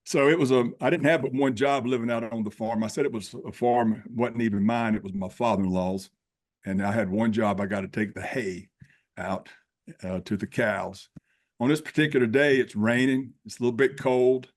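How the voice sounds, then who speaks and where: A man's voice: medium pitch, moderate pace. A man in his sixties, a podcast guest, telling his life story in a folksy, plain-spoken way and acting out the dialogue. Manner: animated storyteller who acts out dialogue. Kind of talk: personal storytelling.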